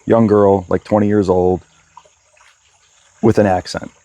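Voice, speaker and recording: A relaxed man retelling a story in a casual podcast chat. His voice is low and mellow, recorded close and dry. He moves at an easy storyteller's pace. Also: measured pace, no echo. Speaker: podcast co-host. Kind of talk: casual anecdote telling.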